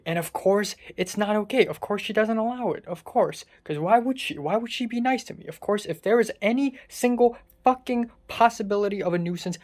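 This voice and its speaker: A young adult vlogger, pouring out an exasperated, sarcastic rant full of swearing. The voice sits at an ordinary middle pitch and sounds distressed and worn down. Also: expressive, moderate pace, a little mellow. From Hong Kong. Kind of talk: casual confessional vlog rant.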